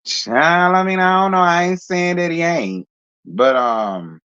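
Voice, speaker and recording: Man host, slightly high voice, sassy gossip commentary, dull lo-fi sound. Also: unhurried, pushed and bright, clean tone. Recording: dull lo-fi audio.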